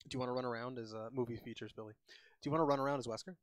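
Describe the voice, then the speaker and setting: A man's voice: medium pitch, fairly even intonation, racing, no room sound. A man streaming a video game, chatting casually and rambling with lots of filler words. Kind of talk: casual gaming chat.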